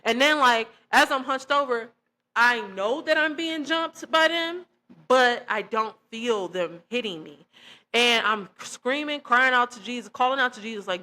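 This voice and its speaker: A young woman vlogger telling a personal testimony to her viewers in an animated, emphatic way, often calling them y'all. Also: fairly high pitch, a little slow. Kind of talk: casual storytelling to camera.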